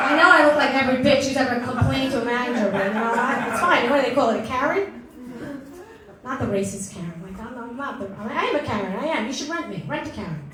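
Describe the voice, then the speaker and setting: A woman's voice: fairly high pitch, big pitch swings, moderate pace, pauses often, very noisy. A middle-aged woman doing a brash, self-mocking stand-up set in a comedy club. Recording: echoey club with audience laughter.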